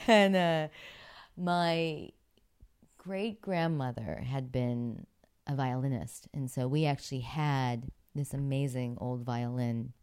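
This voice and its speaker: Middle-aged actress from Pittsburgh, chatty interview guest, very deep and smooth for a woman. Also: steady tone, takes it slowly, darkish tone. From Pittsburgh, USA. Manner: chatty, many fillers, laughs often. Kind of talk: relaxed interview storytelling.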